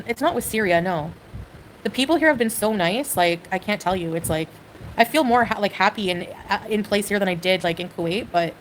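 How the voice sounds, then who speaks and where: A woman's voice: mid-range voice, slight background noise, poor audio. Hesitant rambling woman on a livestream. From Canada. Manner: hesitant, rambling, full of "like" and "you know".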